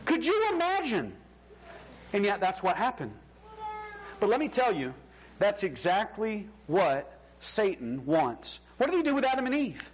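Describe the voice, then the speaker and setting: A man's voice: extremely high pitch, big pitch swings, a little slow, rough recording. A man preaching a sermon as pastor in a conversational style, acting out the voices he quotes.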